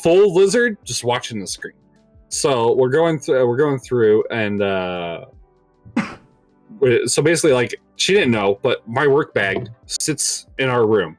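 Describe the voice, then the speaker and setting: A man's voice: medium pitch, animated, unhurried, no echo, soft background music. A young man casually telling a long story on a podcast, rambling with lots of filler words and laughing at his own tale. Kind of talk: casual chat.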